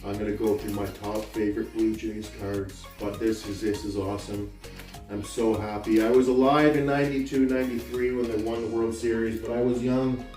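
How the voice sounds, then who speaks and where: A man gushing excitedly in a casual vlog as a sports card collector, with sudden bursts of shouting. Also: lowish voice, normal speed. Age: 30s. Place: room at home. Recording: roomy echo, mic at a distance, faint music.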